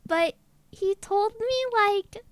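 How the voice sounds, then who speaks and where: High, childlike voice of a giggly woman. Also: slow, no echo. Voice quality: girlish, childlike voice. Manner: giggly, rambling storytelling. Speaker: VTuber streamer. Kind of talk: casual stream chat.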